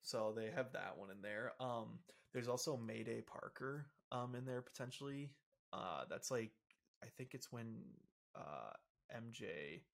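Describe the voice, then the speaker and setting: A man's voice: mid-range voice, vocal fry. A young man co-hosting a casual podcast, explaining comic plots in a loose, rambling way full of fillers. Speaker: podcast co-host. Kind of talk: casual chat.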